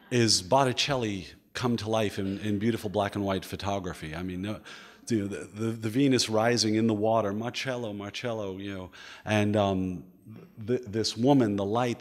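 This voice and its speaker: A man giving a lecture at a museum, animated and enthusiastic, often repeating words and filling pauses as he thinks aloud. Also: fairly low pitch.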